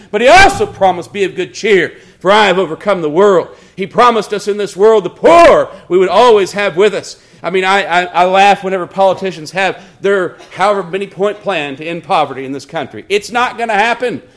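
A middle-aged man preaching a sermon, earnestly quoting scripture and slowing down on key words. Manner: wry storytelling asides in a lower, quieter voice.

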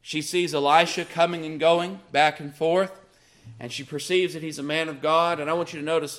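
A man's voice: on the high side, fairly even intonation, moderate pace, a bit bright. A man preaching a sermon, emphatic and repetitive, his voice swinging up and down. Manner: emphatic, rising and falling with repeated phrases.

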